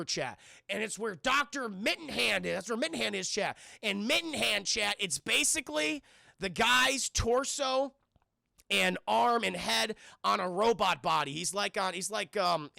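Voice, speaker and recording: A man's voice: high voice, creaky, sharp tone, no echo, clean studio sound. A man reviewing a film on a live stream, talking casually and profanely, rambling and often addressing his chat.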